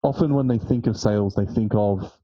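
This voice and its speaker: A man interviewing a guest in a casual podcast chat. He is relaxed and keeps agreeing and reflecting points back. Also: lowish voice, brisk, no room sound. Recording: dull, dry lo-fi sound.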